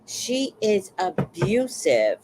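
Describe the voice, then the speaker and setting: Brief: woman livestreamer, slow, unhurried talk with big swings in pitch, emotional storyteller. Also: big pitch swings, background noise. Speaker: livestream host. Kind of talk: casual livestream talk, reading chat.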